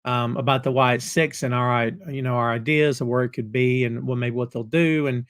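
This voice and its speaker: A man's voice: mid-range voice, a little fast. A middle-aged man hosting a live wrestling talk show, folksy and jokey as he banters with viewers. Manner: animated, folksy, jokey banter with chat readers. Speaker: podcast host.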